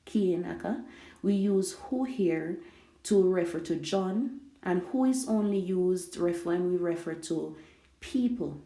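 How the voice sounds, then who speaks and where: A woman teaching an English grammar lesson, explaining slowly and glossing words in Spanish. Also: on the low side, dark tone. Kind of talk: language lesson. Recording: echoey room.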